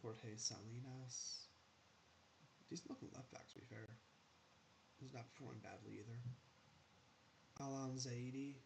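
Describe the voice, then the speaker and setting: A man's voice: mid-range voice, steady tone, a little slow, gravelly, long pauses, background noise. A man giving casual gameplay commentary as a gaming channel host, rambling in asides and talking back to the game.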